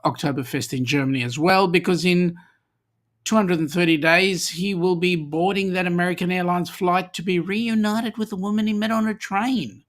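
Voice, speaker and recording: This Australian man, middle-aged, has a high, steady, slightly bright voice and a moderate pace. He runs a relaxed live-stream chat, cracking jokes and reading out comments from viewers.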